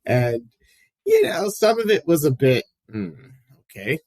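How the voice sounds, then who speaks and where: A man's voice: a little high, big pitch swings, unhurried, darkish tone, no room sound. Chatty male podcast host, dry sound. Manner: chatty, rambling, frequent fillers. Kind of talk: casual chat.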